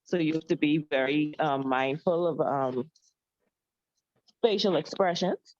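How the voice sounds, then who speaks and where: A woman, a class participant, answering a question in a hesitant, halting way during an online class. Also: low voice, darkish tone, no echo, muffled recording.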